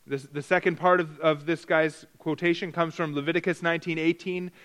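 A man delivers a verse-by-verse Bible teaching in a voice that sits a little high for a man. He hammers key words through repetition. He often restarts phrases and corrects himself mid-sentence. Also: level tone, a little fast, a bit bright. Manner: frequent restarts and self-corrections. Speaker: preacher.

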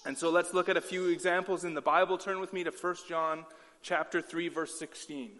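Male pastor, slightly high voice, earnest sermon delivery with restarts, reverberant hall. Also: steady tone, a little fast, sharp tone. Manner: earnest, repeats himself with frequent restarts.

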